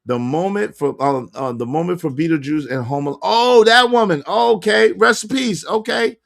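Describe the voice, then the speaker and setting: A man hosting a casual livestream, talking loosely and jokingly, his voice going hoarse as he loses it. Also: moderate pace. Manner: animated, joking, shifts between low mumbles and loud bursts. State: losing his voice. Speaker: livestream host.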